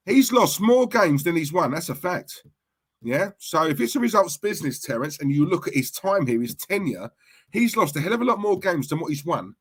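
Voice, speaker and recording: Mocking husky-voiced man. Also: high voice, sing-song, brisk. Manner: mocking, incredulous, laughs often. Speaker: co-host. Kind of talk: fan podcast banter.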